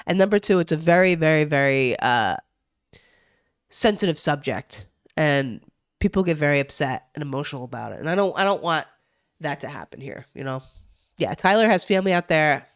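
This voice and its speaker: A woman's voice: low voice, lively intonation, a little fast, dry recording. Chatty New Jersey woman streamer, dry close mic. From New Jersey, USA. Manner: chatty, swears freely, reacts to chat. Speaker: streamer reading the news. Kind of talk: casual live-stream chat.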